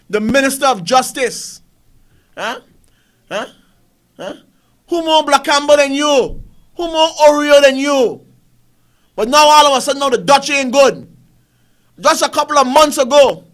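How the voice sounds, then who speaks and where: A man's voice: very high voice, normal speed, pauses often, sharp tone. A man with a Caribbean English accent, hosting a talk show and ranting about politics with repeated rhetorical questions. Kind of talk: fiery political commentary.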